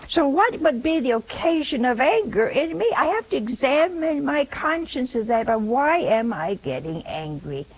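A nun giving a spiritual talk in a conversational, gently teasing way, often checking in with her listeners with rhetorical questions. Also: high-pitched, low-quality recording.

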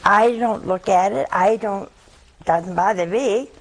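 A woman giving a chatty Catholic sermon full of anecdotes, telling stories in an animated way with sudden hushed asides. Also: medium pitch, slow, slight background noise, poor audio. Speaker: Catholic speaker.

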